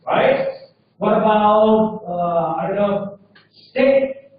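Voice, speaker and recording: A high-voiced man with as his leads a classroom lesson, taking it slowly and checking with the class. He is heard from across a very echoey room on a dull, lo-fi recording. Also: lively intonation, far from the mic, a little hiss or hum. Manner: drills pronunciation, checks with frequent "okay?". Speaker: English teacher.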